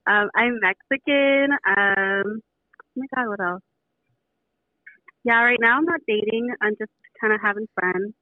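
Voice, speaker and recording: A woman in her twenties from California calling into a show as an excited, giggly fan. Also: mid-range voice, measured pace, long pauses, dry recording. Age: 20s. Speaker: caller. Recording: tinny dry phone line.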